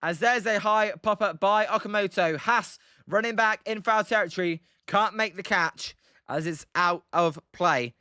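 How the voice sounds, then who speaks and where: British guy doing chatty play-by-play on a stream, high clear voice, lots of ums while he answers chat. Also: unhurried, bright, forceful tone, no room sound, studio quality. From Britain. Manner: chatty, answers viewers' chat messages between pitches, many fillers. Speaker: live stream play-by-play host. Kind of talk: casual live play-by-play commentary.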